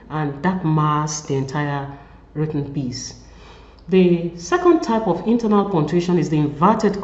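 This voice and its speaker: A woman giving a recorded study-session lecture, going deliberately through numbered points and spoken examples. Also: lowish voice, a little mellow. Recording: echoey, dull lo-fi room recording.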